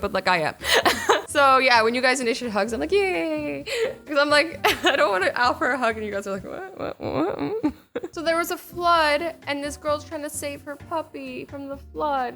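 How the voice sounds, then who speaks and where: A woman's voice: high voice, brisk, gravelly, bright, forceful tone, soft background music. A young woman hosting a casual reaction video, bubbly and giggly, saying "like" a lot. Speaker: YouTube reaction host.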